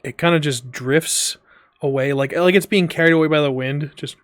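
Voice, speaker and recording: A man narrating as game master, relaxed and full of ums and restarts. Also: a little high, moderate pace, no echo, studio quality. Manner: loose, filler-heavy narration with frequent ums.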